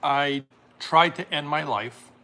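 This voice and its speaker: A man reads viewer comments on his casual livestream in a fairly high, bright voice that's slow and forceful. He riffs with jokes, laughs frequently, and lets his remarks trail off.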